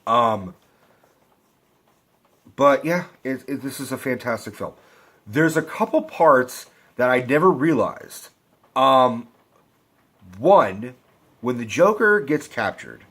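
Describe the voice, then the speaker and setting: A middle-aged man hosting a vlog, ranting about a movie in a profane, rambling, excitable way. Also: mid-range voice, slow, pauses often, breathy edge. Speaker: vlog host.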